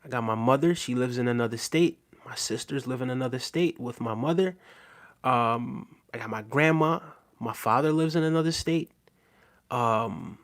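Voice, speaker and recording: A man's voice: medium pitch, a bit bright. Laid-back man chatting with his viewers. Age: adult with a daughter. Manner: laid-back, chats to viewers, often tags "right?". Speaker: livestream host reading viewer comments. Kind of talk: casual livestream chat.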